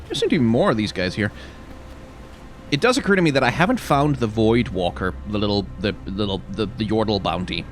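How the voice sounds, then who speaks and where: A man chatting casually over his gameplay, rambling and excitable. His pitch jumps around a lot, and faint game music plays beneath him. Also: brisk. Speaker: gaming video host. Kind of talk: casual let's-play commentary.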